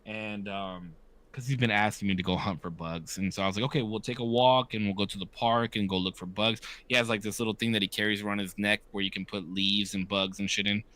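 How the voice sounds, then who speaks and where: This is a man in his thirties whose voice sits fairly low. He speaks in casual podcast chat, candid and profane. He often acts out the voices of people he quotes. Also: steady tone, a little fast, pushed and bright. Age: 30s. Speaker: podcast co-host.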